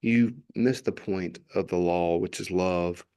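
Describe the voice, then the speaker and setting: A man's voice: low voice, measured pace, warm tone, clean tone. A male pastor gives an earnest, impassioned devotional reflection on scripture and often repeats phrases for emphasis.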